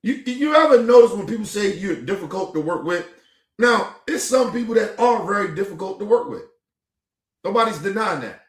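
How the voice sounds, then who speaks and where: A man hosting a stream reacts to a clip with a heated, profane, repetitive rant. His voice sits high and sounds animated at a moderate pace, in an echoey room.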